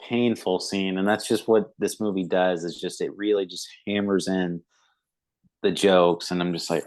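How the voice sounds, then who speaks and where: A man's voice: low voice, fairly even intonation, moderate pace, a little mellow, rough recording. A man co-hosting a movie review podcast, talking casually with many fillers and acting out quoted lines. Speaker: podcast co-host.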